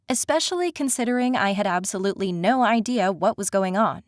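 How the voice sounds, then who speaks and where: A woman narrates a fantasy audiobook in the first person, in a wry, conversational voice. Her pitch sits in the middle range. The recording is close and dry. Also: expressive, fairly quick, hardly any pauses, no room sound.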